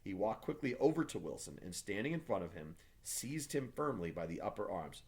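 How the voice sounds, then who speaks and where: A man, a teacher, reading a novel aloud for his class with steady, measured delivery. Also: lowish voice, creaky.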